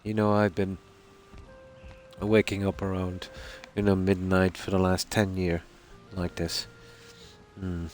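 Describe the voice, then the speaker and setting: A man's voice: low-pitched, flat delivery, darkish tone, soft background music. A man giving casual, rambling live-stream commentary while playing a game, talking easygoing from a room at home at night. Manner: rambling and easygoing, with many "you know"s and pauses.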